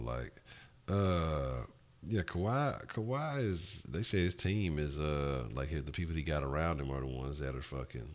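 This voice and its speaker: Very deep-voiced profane man talking sports. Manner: loose, profane, rambling with frequent restarts. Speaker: sports talk show host. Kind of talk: casual live-stream sports talk, answering chat.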